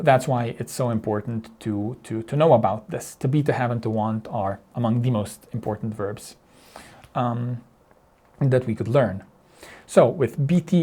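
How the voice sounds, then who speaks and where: Male language teacher, mellow tone, patient explainer, stumbles and restarts, slow drills. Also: medium pitch. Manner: patient, repeats words and restarts phrases; drills word pairs slowly. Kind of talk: explaining grammar over slides.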